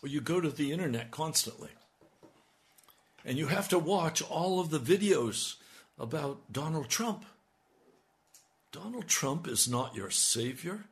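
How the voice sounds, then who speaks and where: A man's voice: a little high, expressive, a little slow, pauses often. A man preaching a sermon, building to emphatic, urgent appeals. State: hiccups. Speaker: radio preacher.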